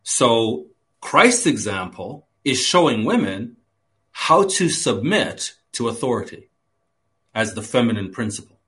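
A man preaching a sermon, teaching through a scripture passage with sudden swells of emphasis and quieter asides. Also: mid-range voice, big pitch swings, a little slow. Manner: expository teaching with dramatic emphasis swings.

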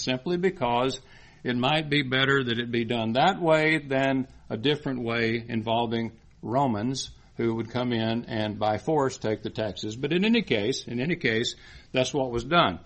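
A man delivering a sermon with an earnest, explanatory manner. He circles back over his phrases and rises in force when he quotes scripture. His voice sits at an ordinary middle pitch. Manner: earnest, repeats and restarts phrases, rising emphasis on scripture. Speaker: preacher.

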